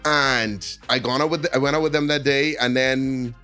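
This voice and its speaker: A man's voice: medium pitch, steady tone, moderate pace, bright, forceful tone, clean tone, soft background music. A man, a podcast guest, telling rambling stories in casual chat and often checking in with his listeners.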